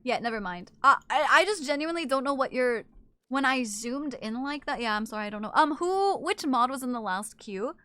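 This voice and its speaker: A woman streamer chatting casually with her live chat while she plays, often cooing softly to her cat. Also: high voice, lively intonation, brisk, clean tone, no echo, studio quality.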